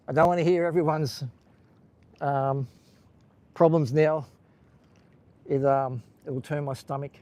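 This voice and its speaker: A man's voice: fairly high pitch, warm tone. A chatty Australian man streams live as he strolls along a beach, his voice sitting a touch above the usual male range. He rambles loosely and answers viewers as he walks, the sound picked up on a handheld phone outdoors. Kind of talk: casual live-stream walking commentary.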